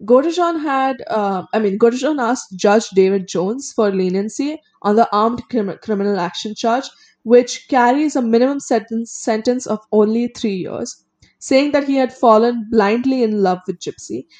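A woman talks through a criminal case in a relaxed podcast conversation. She reads out the facts and then breaks off to give her own blunt opinions. She trips over a word now and then. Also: on the high side, normal speed. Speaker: co-host. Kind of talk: casual true-crime podcast chat.

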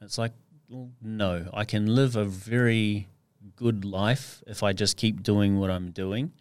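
A man's voice: lowish voice, steady tone, slow, darkish tone, clean tone, no room sound. A young adult man as a podcast guest, rambling as he thinks aloud. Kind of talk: casual interview chat.

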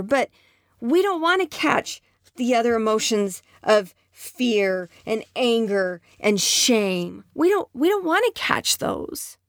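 Woman speaker, relationship advice, conversational, keeps checking in with listeners, slightly high voice. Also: fairly bright tone, dry recording, clean studio sound. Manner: conversational, acts out spouse dialogue in quoted voices; frequent checking questions like right and okay. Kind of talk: advice talk to an audience.

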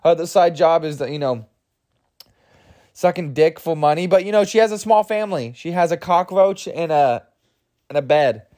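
A man's voice: fairly high pitch, moderate pace, warm tone. A young man hosting a comedy podcast, rambling through a bit with lots of fillers while overtired. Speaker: podcast host.

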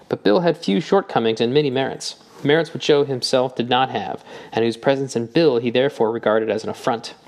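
A man narrating a novel in a measured, even audiobook reading. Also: medium pitch. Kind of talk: scripted narration.

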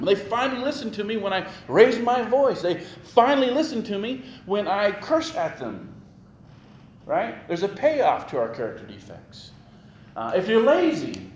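A man preaches in a roomy, echoing church sanctuary, with a faint hum of ambience behind him. His delivery is animated: he drives points home through repetition, and his voice climbs as he builds emphasis. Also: high voice. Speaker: pastor. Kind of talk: sermon. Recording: echoey room with faint ambient noise.

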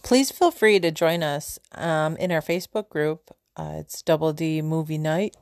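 Chatty self-mocking woman, low voice. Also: unhurried, darkish tone. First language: German. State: sore mouth, slightly slurred. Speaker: podcast host. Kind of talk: casual solo podcast storytelling. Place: home room with kids nearby.

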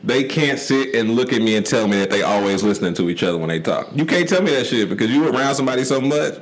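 A man's voice: mid-range voice, animated, brisk. A man co-hosting a podcast, telling stories in laid-back slang and laughing often. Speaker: podcast co-host. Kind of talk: casual chat.

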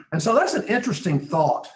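A man teaching a Bible study lesson in a folksy, conversational way, often clearing his throat. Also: high-pitched. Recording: roomy echo.

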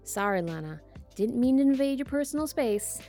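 A woman doing a smooth, flirty male barista. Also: fairly high pitch, lively intonation, normal speed, mellow, faint music behind, voice pushed up. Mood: coaxing. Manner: smooth and coaxing.

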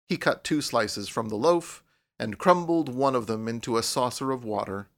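An audiobook narrator reads a storybook from a script in a measured, even way. His voice sits at an ordinary middle pitch for a man, and his reading stays steady and unhurried.

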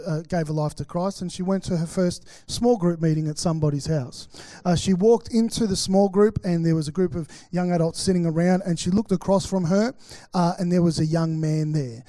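A man's voice: sits high, warm tone, no room sound. A middle-aged Australian man preaching a sermon, chatty and anecdotal, acting out quotes with many fillers. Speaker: pastor. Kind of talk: sermon with personal stories.

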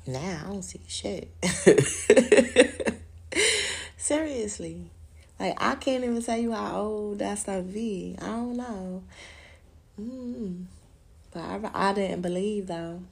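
Woman podcast host, vocal fry, mid-pitched, casual rambling monologue, swears freely. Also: takes it slowly. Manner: rambling, profane, laughing often. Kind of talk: casual solo chat.

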